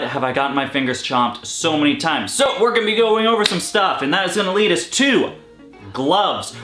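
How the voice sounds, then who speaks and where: A man hosting a casual reptile-care vlog from a reptile room in his home, talking in an excitable, joking way. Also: high-pitched. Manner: excitable and joking, yelps in pain when bitten. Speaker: reptile keeper and channel host. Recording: echoey room with faint music.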